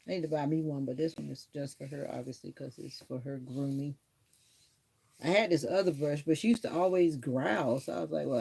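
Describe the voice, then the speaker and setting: A woman's voice: low-pitched, vocal fry, mellow, slightly rough. A woman hosting a casual livestream, rambling and chatty as she grooms her dog. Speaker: livestream host. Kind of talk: casual chat.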